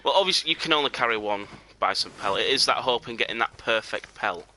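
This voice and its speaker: Rambling through his live commentary with "um" and "you know" fillers, the streamer's mid-range voice is expressive, fast, bright and forceful, with a little hiss or hum behind it. When sneaking up on game, he falls to a near whisper.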